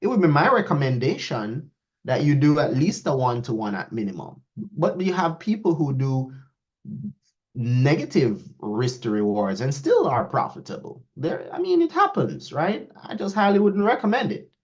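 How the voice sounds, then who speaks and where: A man teaches trading live, his pitch swinging widely as he talks to his students. He often raises his voice to act out their questions. The recording is dull and lo-fi. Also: normal speed. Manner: lively, talks to students, quotes askers in a raised voice. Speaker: trading instructor. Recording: dull lo-fi audio.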